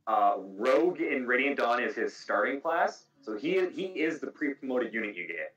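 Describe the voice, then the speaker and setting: A man's voice: medium pitch, sing-song, moderate pace, a bit bright. A man hosting a casual podcast chat about video games, explaining game details at length. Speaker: podcast host. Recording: echoey room, distant mic.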